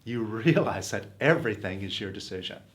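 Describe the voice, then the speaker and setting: A man's voice: on the low side, animated, a little fast, fairly bright tone. A man teaching self-help in an earnest, coaxing motivational talk, posing questions to his listeners.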